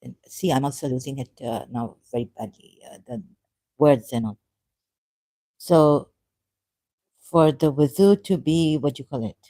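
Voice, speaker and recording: This live-streaming woman speaks in a very deep, mellow voice with a Sindhi Khoja accent. She goes on haltingly and loosely, frequently stuck for words and falling back into Hindi-Urdu.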